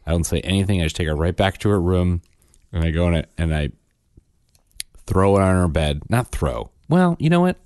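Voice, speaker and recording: A man with a very low voice spins a family story in casual chat, correcting himself and acting out the quotes. The sound is dry and close. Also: fairly quick, long pauses, no room sound. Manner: animated storyteller, acts out quotes, self-correcting. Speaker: podcast co-host, father.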